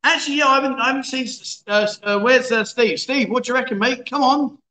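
Jokey man in his fifties, bright. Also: extremely high pitch, quick pace, reverberant. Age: 50s. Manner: jokey, laughing, chatty banter. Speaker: livestream host. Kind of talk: casual livestream chat reading viewer comments. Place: bar in a city.

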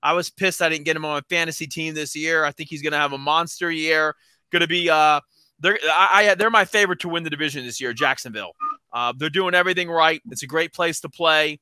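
A man with a high, very bright and cutting voice talks football on a podcast panel. He slips into loud mock-angry trash talk at his co-hosts. The sound is dry and close. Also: fast talker, clear, resonant tone, no echo. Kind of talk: casual sports banter.

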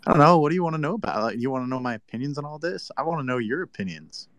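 A man's voice: fairly high pitch, expressive, rapid-fire, fairly bright tone, no room sound. A man talking crypto in a casual chat, combative and teasing with mock annoyance. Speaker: crypto commentator.

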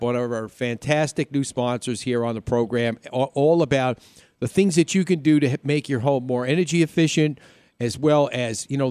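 A man's voice: medium pitch, a little mellow, clean tone, no echo. A man with a New York accent hosting a live weekend radio show, upbeat and jokey, chatting loosely with restarts. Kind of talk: casual radio chat.

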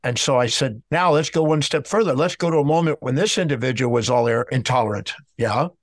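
A man's voice: mid-range voice, a little fast, no room sound. A man telling a story in an interview, lecturing emphatically and acting out both sides of a dialogue. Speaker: speaker on emotional healing.

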